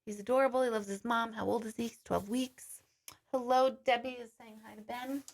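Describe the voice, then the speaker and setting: A woman's voice: on the high side, steady tone, brisk. A woman hosting a live-stream question and answer session as a psychic medium, chatting casually and reading viewer comments aloud.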